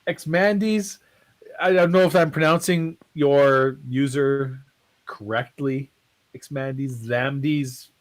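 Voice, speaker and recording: A man's voice: mid-range voice, fairly even intonation, slow. Joking man co-hosting a livestream. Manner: joking, swearing, playful. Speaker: co-host. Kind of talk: casual chat.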